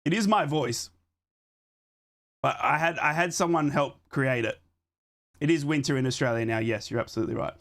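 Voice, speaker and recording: A young man with a hoarse voice from a chest infection, hosting a live football watchalong, chatting to his viewers between calls on the match. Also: medium pitch, normal speed, long pauses, fairly bright tone. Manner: chatty, talks to his live chat while fixing things on the fly. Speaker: watchalong host.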